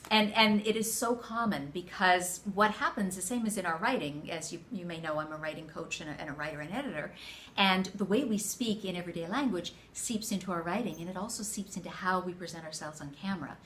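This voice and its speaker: A middle-aged woman co-hosting a business show, giving advice in a lively, laughing, coaching tone. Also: on the low side, a little fast, a little hiss or hum. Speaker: co-host. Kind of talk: casual chat.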